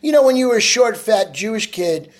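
A man's voice: high voice, animated, a little fast. A man, a chef telling stories in casual chat, full of "you know". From New York. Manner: rambling storyteller, frequent "you know".

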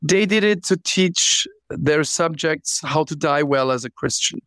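Man telling stories with animated restarts. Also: on the high side, a little slow, no echo. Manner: animated, with frequent restarts and repeated words. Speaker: guest author. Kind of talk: interview storytelling.

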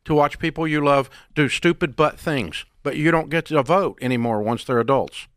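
A man's voice: fairly high pitch, normal speed, no echo, clean studio sound. An older man hosting a call-in radio show, giving blunt, emphatic, folksy advice.

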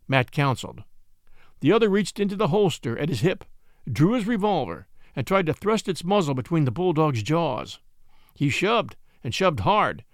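Expressive man reading a storybook. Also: fairly high pitch, no echo, clean studio sound. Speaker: audiobook narrator. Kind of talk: scripted storybook narration.

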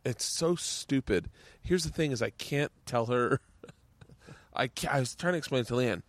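A man's voice: medium pitch, lively intonation, measured pace, no echo. A man hosting a podcast, telling casual stories, laughing easily and swearing now and then. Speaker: podcast host. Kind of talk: casual chat. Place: outdoors at home.

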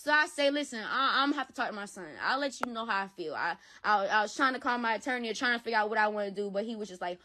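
A woman's voice: a little high, racing, few pauses, bright, forceful tone. A woman giving an emotional personal account in an interview, heated and repetitive, swearing often. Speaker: interview guest.

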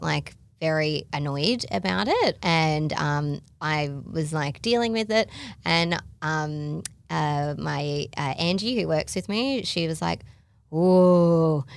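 An Australian woman co-hosting a podcast, talking in a chatty, quick way full of "like" and laughs. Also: deep voice, creaky, no echo. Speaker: podcast co-host. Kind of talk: casual chat.

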